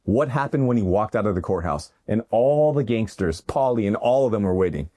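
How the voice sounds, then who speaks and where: A middle-aged man hosting his own art video, giving an animated, jokey motivational monologue that keeps rising into loud bursts. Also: lowish voice, a little fast. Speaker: artist and video host. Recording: music bed under the voice.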